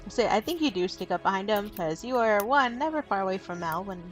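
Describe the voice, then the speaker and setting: Woman game master, animated narration, mid pitch, faint music behind. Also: a little fast.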